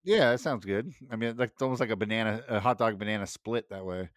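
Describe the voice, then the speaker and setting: A man in his thirties co-hosting a casual chat podcast, easygoing and quick to laugh. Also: on the low side, dry recording, clean studio sound. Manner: easygoing, laughs often, says "dude". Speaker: podcast co-host.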